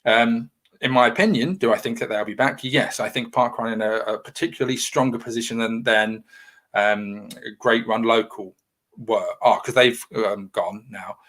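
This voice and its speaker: A man's voice: medium pitch, normal speed, fairly bright tone. A man hosting a casual livestream, reading viewer comments and talking in a rambling, reassuring, chatty way. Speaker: livestream host.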